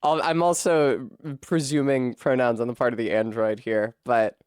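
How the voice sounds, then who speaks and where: A man's voice: medium pitch, steady tone, moderate pace, smooth, no echo, studio quality. A man from Rhode Island chatting casually on a live stream, self-deprecating and swearing freely, with occasional coughing. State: coughing fits.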